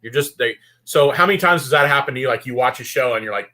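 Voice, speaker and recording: A man's voice: medium pitch, fast talker, few pauses, sharp tone. A man from Texas, a guest on a video call, chatting casually and rambling with restarts.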